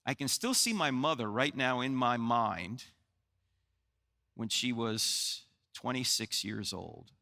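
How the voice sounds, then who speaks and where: Speaking slowly with lively intonation, this New Jersey man in his sixties delivers a joking, story-filled Christian apologetics talk and quizzes his live audience. His medium-pitched voice is gravelly, bright, and forceful.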